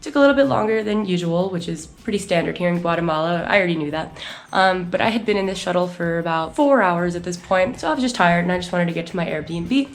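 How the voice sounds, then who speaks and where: A young American woman telling a travel story to camera in a chatty, animated way, full of "like" and acted-out quotes. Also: fairly low pitch, fast. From United States. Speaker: travel vlogger. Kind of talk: casual storytelling vlog.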